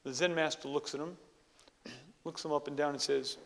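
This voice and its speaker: A man giving a motivational Torah lecture, emphatic, repeating phrases and often clearing his throat. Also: a little high, fairly even intonation, normal speed, long pauses, a bit bright, long reverb tail.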